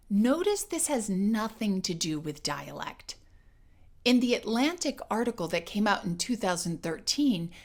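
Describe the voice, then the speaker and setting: A woman voice coach giving a scripted educational narration in a clear, measured and emphatic way. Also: medium pitch.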